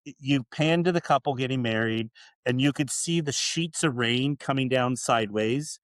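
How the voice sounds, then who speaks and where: A man hosts a podcast and tells stories in a relaxed, rambling way. His voice sits at a middle pitch. The sound is close and dry. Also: normal speed, no echo. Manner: relaxed storyteller, many fillers. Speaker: podcast host. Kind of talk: casual podcast chat.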